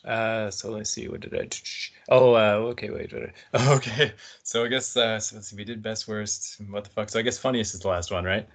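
A man's voice: on the low side, steady tone, brisk, few pauses. A man talking casually about a film on a podcast, rambling and laughing often. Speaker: podcast guest.

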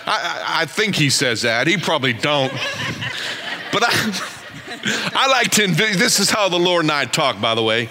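A man preaching a sermon in a church, animated and folksy, joking about himself. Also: on the high side, normal speed, pauses often, in a large hall. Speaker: pastor.

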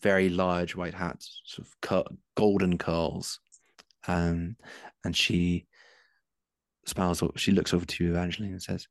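A man with a low voice runs a tabletop game as game master, describing the action in a loose, searching way full of ums. His voice is deep and sits in a dry, close space. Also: level tone, measured pace, gravelly, no echo. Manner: descriptive, with frequent um and uh.

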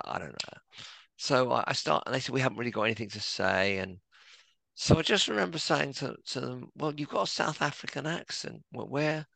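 A middle-aged man, a podcast guest, telling reflective stories in a gentle, self-deprecating way. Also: mid-range voice, vocal fry, dry recording. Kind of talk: relaxed conversational storytelling.

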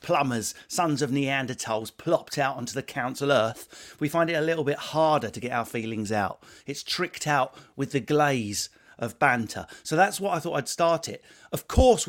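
A man's voice: medium pitch, fairly bright tone. A man hosting a podcast, talking in crude, joking banter. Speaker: podcast host. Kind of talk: comic podcast monologue.

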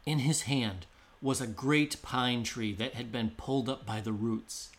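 Guy reading a folk story out loud, steady mid voice, calm measured pace. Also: medium pitch. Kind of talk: scripted storybook narration.

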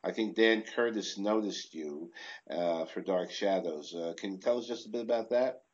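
Low-voiced male host, dull lo-fi sound. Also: moderate pace. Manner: brief affirmations and short questions. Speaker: podcast host. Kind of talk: interview questions.

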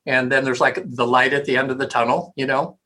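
A man, a hypnotherapist, speaking casually and rambling in an interview, with frequent throat clearing. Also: medium pitch, little pitch movement, a little fast, bright, forceful tone, low-quality recording.

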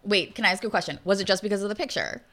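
A woman's voice: medium pitch, very fast, bright, forceful tone. A woman co-hosting a podcast, chatting casually and sarcastically, full of "like" fillers. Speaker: podcast co-host. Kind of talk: casual chat. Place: Los Angeles.

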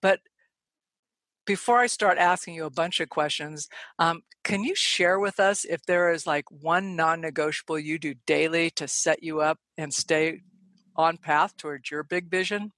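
Eager, fast-talking woman podcast host. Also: sits low, a bit bright, no echo. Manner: enthusiastic, quick, admiring. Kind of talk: scripted guest introduction, then interview.

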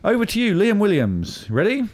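A man runs a comedy podcast quiz, teasing his guests with playful questions. His pitch jumps around in a lively way. The sound is dry and close. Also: normal speed, no echo. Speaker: podcast host.

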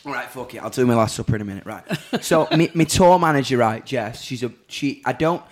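A man's voice: mid-range voice, lively intonation, fairly quick. A man chatting casually, full of fillers and swearing. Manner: chatty, sweary, lots of "like" and "you know what I mean". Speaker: guest. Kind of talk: casual chat.

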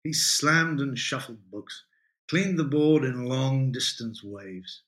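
A male writer reading his own short story aloud in a vivid, expressive way. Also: mid-range voice, slow. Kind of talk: literary reading.

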